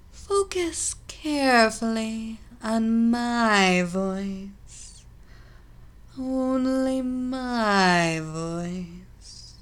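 A woman voicing a soft, controlling young athlete. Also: medium pitch. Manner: slow, soft hypnotic cadence, drifting into whispers.

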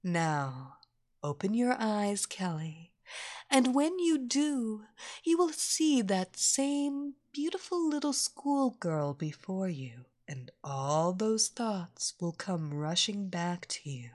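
A woman voicing a young woman hypnotist, speaking in a slow, commanding, half-whispered manner. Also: medium pitch, expressive, a little mellow. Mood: hypnotic.

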